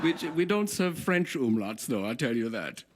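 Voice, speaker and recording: A man's voice: mid-range voice, sing-song, normal speed, lightly acted. A man voicing a wisecracking male robot skeleton sidekick, trading playful quips and mock accents in late-night comedy banter. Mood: dry. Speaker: talk show sidekick. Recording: noisy studio with loud audience.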